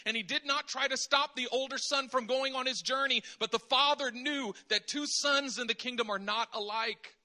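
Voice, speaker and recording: A man preaching a sermon in an animated way, acting out conversations in different voices. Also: very high-pitched.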